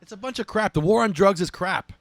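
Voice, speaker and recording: A man hosting a podcast, ranting in a casual, profane and animated way. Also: sits high, a little fast, dry recording. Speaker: podcast host.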